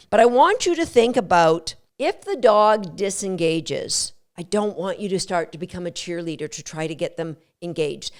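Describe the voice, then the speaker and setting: Animated woman dog-training podcaster. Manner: animated, acts out owners and dogs in high voices. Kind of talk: solo podcast teaching.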